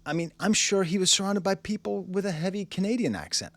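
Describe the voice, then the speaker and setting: A Boston man who is a French professor hosts a music review show, giving casual video commentary that rambles, full of "you know" and "uh." His voice is on the high side, animated, at normal speed, with no echo.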